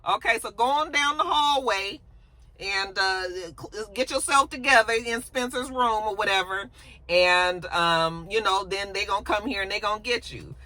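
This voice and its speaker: A woman voicing a firm, caring woman lawyer who insists on rehab, in a raised, bright tone. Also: mid-range voice, normal speed, voice pushed up, close to an everyday voice. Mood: urging. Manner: insistent, reassuring.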